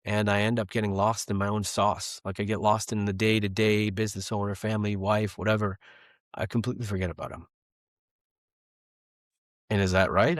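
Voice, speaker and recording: Earnest deep-voiced man in his thirties. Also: dry recording, clean studio sound. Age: 30s. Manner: earnest, speaks with conviction about faith. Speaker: podcast guest. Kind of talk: casual conversation.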